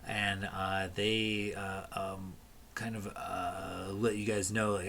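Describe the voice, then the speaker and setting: A man narrating a tabletop game as game master in a relaxed, rambling way with many fillers. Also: low voice, slow, vocal fry.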